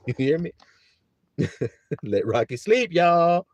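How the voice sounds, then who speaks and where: A man hosting a live stream with a casual monologue, joking and swearing as he tells animated stories. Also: fairly high pitch, extremely slow, no echo, dull audio. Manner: animated, profane, joking storytelling. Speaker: livestream host.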